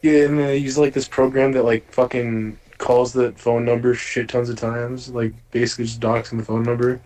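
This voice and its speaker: A man's voice: medium pitch, level tone, moderate pace, darkish tone, slight background noise, low-quality recording. A young man chatting casually as podcast co-host, swearing often and full of filler words. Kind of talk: casual chat.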